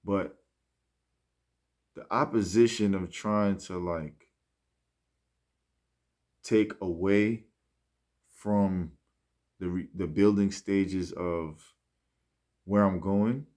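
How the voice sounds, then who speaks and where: A man speaking in a rambling, reflective monologue, often restarting and trailing off softly. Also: sits low, fairly even intonation, drawn-out words, long pauses. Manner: rambling, many fillers and restarts; soft-spoken, trailing off. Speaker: musician speaking about his mindset.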